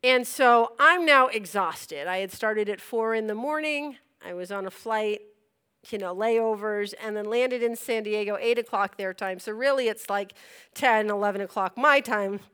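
A young woman telling a personal story in an animated way, acting out her own reactions and laughing as she goes. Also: medium pitch, normal speed, clean tone.

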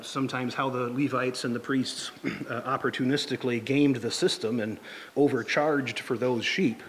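Halting, conversational male pastor. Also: on the high side, fairly bright tone, slight background noise. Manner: conversational, halting, many restarts and fillers. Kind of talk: sermon.

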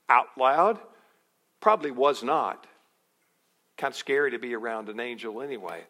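A middle-aged male pastor preaching a sermon, animated and acting out quotes with chuckles. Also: medium pitch, husky.

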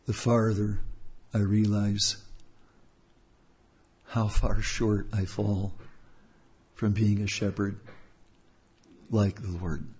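A man preaching a sermon as a church elder, his voice a little husky. He speaks earnestly and leans on repeated phrases for emphasis. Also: on the low side, darkish tone.

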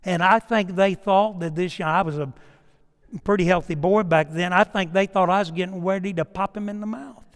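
A middle-aged man preaches from the pulpit in a high voice. He moves between storytelling and direct address, acting out the dialogue in his stories. His words carry with a long reverberation through the sanctuary. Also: moderate pace. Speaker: pastor. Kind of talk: sermon.

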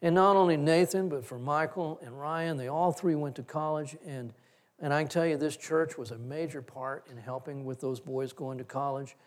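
A middle-aged man preaching a sermon in a conversational, folksy way, with stories and soft, trailing phrase endings. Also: on the high side, steady tone, moderate pace. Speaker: pastor.

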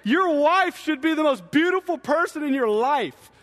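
A young man preaching an energetic, joking sermon as a student ministry pastor, talking fast and excitedly. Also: extremely high pitch, big-room sound. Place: church sanctuary.

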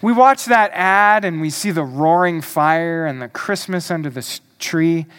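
Man, pastor, sermon, unhurried, high-pitched, rhetorical questions. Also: fairly bright tone, clean tone. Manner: emphatic, rhetorical questions to the congregation.

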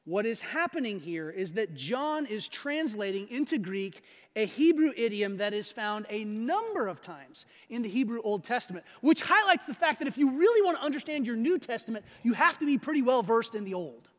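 A man preaching a sermon, animated and laughing often as he acts out quotes. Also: very high-pitched, normal speed. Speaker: pastor. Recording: long hall reverb.

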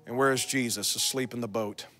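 A man, a pastor, preaching a sermon that moves from calm storytelling to fervent altar-call exhortation. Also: mid-range voice, a little fast, faint music behind. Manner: builds to fervent shouted exhortation; calm storytelling, quiet asides.

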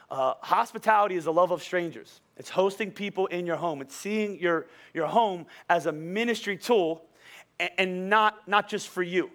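A man's voice: high-pitched, fairly bright tone. A pastor giving a casual, conversational sermon, joking, laughing often and repeating words as he talks.

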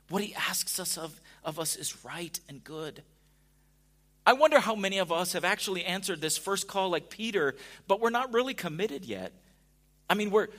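Man preaching a sermon, fairly high voice, chatty, hushed then emphatic. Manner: conversational, swings from hushed to emphatic. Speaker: pastor.

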